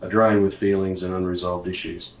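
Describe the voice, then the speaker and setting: A man's voice: low voice, little pitch movement, a little fast, reverberant, far from the mic, a little hiss or hum, natural voice, low-quality recording. A man voicing a blunt, impatient adventurer who gives curt commands in an audiobook.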